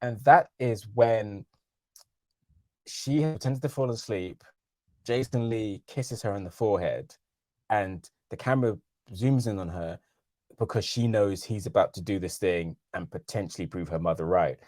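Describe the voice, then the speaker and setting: A man's voice: lowish voice, measured pace, a little mellow, no echo. A man in his thirties co-hosting a podcast, talking casually with sardonic, emphatic and incredulous rants. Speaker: podcast co-host. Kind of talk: casual chat.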